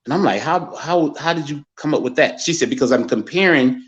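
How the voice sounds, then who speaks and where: Animated man in his forties telling a story. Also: on the high side, brisk, highs cut off. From Gary, Indiana, USA. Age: 40s. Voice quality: animated storyteller who acts out others' words. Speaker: guest. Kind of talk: personal storytelling.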